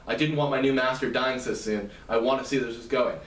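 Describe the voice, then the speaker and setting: A man's voice: medium pitch, quick pace, slight background noise, lightly acted. A man reading the lines of a playful, amused summoned servant in a retold story. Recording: roomy, distant mic.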